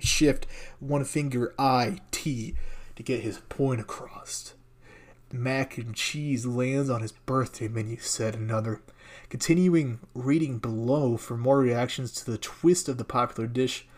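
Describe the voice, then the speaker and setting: Sarcastic rambling man riffing on news. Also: medium pitch. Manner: sarcastic, rambling, laughs often. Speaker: podcast host reading news. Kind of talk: casual comedic commentary.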